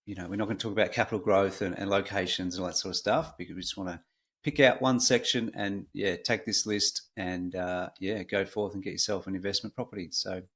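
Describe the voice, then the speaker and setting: A middle-aged Australian man hosting a podcast in a relaxed, chatty way with frequent fillers. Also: sits low, fairly quick, slightly rough. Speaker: podcast host. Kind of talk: casual conversational podcast.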